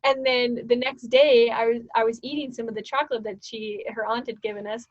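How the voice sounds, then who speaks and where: A woman's voice: fairly high pitch, steady tone, a little fast, dry recording. A young woman co-hosting a podcast, telling stories in a chatty way and giggling often. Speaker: podcast co-host. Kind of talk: casual podcast chat. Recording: dull lo-fi dry sound.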